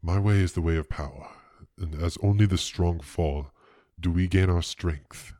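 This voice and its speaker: A scheming cult leader, put on by a man running the game, speaks in slow, ominous pronouncements. The voice sits very low and grave. The sound is close and dry. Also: dark tone, no room sound. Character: scheming cult leader lord, calm and menacing.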